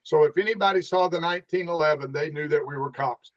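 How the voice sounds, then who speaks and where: A man's voice: a little high, fast. A middle-aged man and former police officer telling stories in a casual interview, acting out the dialogue as he goes. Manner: animated storyteller, acts out the dialogue. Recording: dull lo-fi sound.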